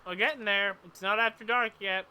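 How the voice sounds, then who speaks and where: Here the streamer's voice is high, steady, sharp and clean, moving a little fast. He chats casually with his audience during live gameplay, often trailing into long explanations.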